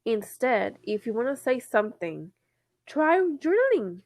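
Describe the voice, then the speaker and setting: A woman's voice: on the high side, big pitch swings, unhurried, a little mellow, no room sound. A woman co-hosting a podcast in casual chat, blunt and emphatic, swearing casually. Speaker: podcast co-host.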